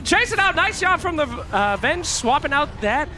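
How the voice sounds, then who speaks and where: A man casting a video game match with play-by-play commentary, joking, laughing often and shouting in big moments. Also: very high-pitched, big pitch swings, moderate pace, some chatter behind. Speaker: esports caster.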